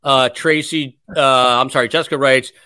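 A man's voice: medium pitch, steady tone, moderate pace, sharp tone, clean tone, dry recording. A man hosting a podcast livestream, chatting casually and reading viewer comments aloud. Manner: chatty, reads comments aloud, many fillers. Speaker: podcast host.

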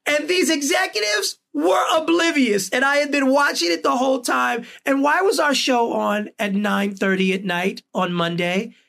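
A podcast host in casual conversation, with a gravelly voice full of vocal fry. He speaks earnestly and stresses his points as he builds them. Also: very high voice, normal speed, hardly any pauses, pushed and bright.

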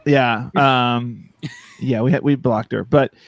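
A man's voice: mid-range voice, steady tone, slow, vocal fry, dry recording. Laid-back male podcast guest. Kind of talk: casual chat.

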